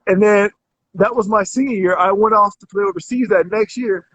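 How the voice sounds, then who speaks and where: A man's voice: high voice, fairly quick, a bit bright, slightly rough, no echo. A man in his thirties, a guest telling his story in a casual interview, rambling with many restarts. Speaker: guest, health coach. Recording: dull, dry lo-fi recording.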